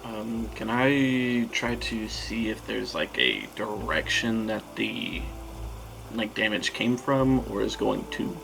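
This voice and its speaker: A man's voice: fairly low pitch, expressive, takes it slowly, vocal fry, music in the background, low-quality recording. A man playing a tabletop game, asking hesitant, methodical questions. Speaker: player. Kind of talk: casual tabletop game chat.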